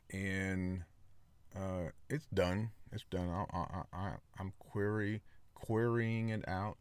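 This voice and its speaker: A man's voice: deep voice, steady tone, takes it slowly, no room sound. A man hosting his own podcast, talking in a casual, rambling solo monologue with many fillers and repeats. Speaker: podcast host.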